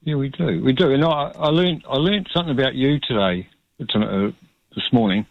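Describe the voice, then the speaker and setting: A man with a New Zealand accent calling in to talkback radio, speaking haltingly with many ums. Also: mid-range voice, animated, gravelly, no echo. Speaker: caller. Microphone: phone line. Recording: dull phone line.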